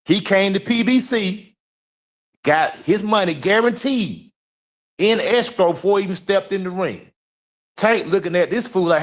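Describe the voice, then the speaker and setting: A man's voice: sits high, expressive, unhurried. A man co-hosting a stream, arguing his case and repeating questions over the other speaker in a casual debate. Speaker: co-host of a boxing talk stream. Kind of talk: heated debate, casual chat.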